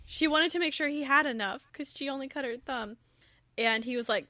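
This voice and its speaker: Woman, podcast host, casual book chat, animated, bright, dry close sound. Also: fairly quick, no echo. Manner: animated, acts out quotes with big pitch jumps.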